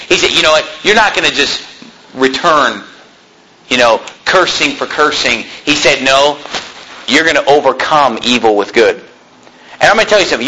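A man preaching a sermon in a lively, joking way, acting out quoted people in a high voice. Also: a little hiss or hum, poor audio. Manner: animated, jokey, acts out quoted people in a high voice.

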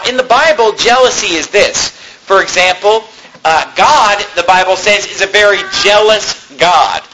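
A man's voice: high-pitched, sharp tone, a little hiss or hum, low-quality recording. A man preaching a sermon in a conversational way, rising emphatically on his key points. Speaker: pastor.

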